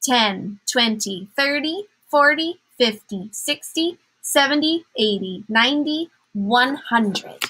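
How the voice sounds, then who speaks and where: A woman's voice: sits high, lively intonation, slow, hardly any pauses, pushed and bright, low-quality recording. A woman teacher giving a patient math lesson to young children, counting aloud in a sing-song way.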